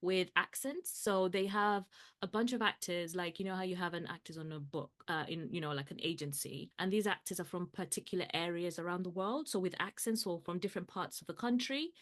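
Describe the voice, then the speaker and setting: A woman's voice: on the low side, fairly quick. A woman podcast co-host chatting casually, telling a story with frequent laughs and acted-out quotes. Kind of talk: casual chat.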